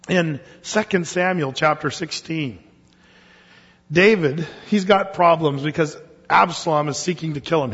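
A male preacher delivers a sermon in a lively, conversational way, firing off rhetorical questions. His voice is husky and sits a little high. It rings through a long-echoing hall on a muffled recording.

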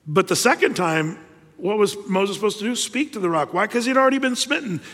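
A man preaching a sermon as pastor, telling Bible stories with animated delivery and acting out the people in them. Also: sits high, brisk, long reverb tail. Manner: animated storytelling, acting out biblical figures.

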